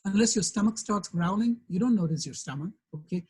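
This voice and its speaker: A man's voice: high voice, brisk, darkish tone, husky, poor audio. A man with a New York accent giving a corporate diversity training, conversational and often checking in with the room.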